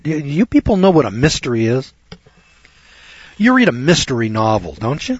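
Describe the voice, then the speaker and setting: A middle-aged man lectures on scripture in a folksy, sarcastic, storytelling manner. His voice is husky and sits at an ordinary pitch. The recording is dry and dull, with a lo-fi sound. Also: big pitch swings, moderate pace, no room sound. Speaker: lawyer teaching scripture.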